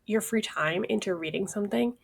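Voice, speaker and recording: Animated woman with a gravelly edge. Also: mid-range voice, fairly quick. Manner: animated, dramatic, acts out her own reactions. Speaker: podcast co-host. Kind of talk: casual chat.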